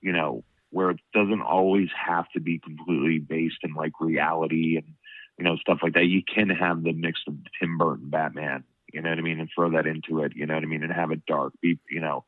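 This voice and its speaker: A very deep-voiced man with a stuffed-up nose rambles through casual chat, filling every pause with "you know what I mean". He sounds tinny and phone-like, close and dry with no room around him. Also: steady tone, dry recording. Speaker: podcast host.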